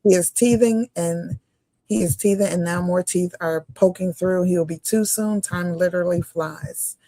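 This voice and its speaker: A woman's voice: on the low side, normal speed, dark tone, no room sound. A woman co-hosting a religious livestream, reading viewer comments aloud and often laughing.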